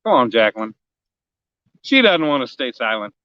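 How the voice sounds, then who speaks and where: Joking man streaming live, bright voice. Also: mid-range voice, big pitch swings, moderate pace, dry recording, highs cut off. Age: 40s. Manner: joking, rambling, teasing the chat. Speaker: fishing vlogger streaming live. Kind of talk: casual live-stream chat. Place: outdoors on a riverbank.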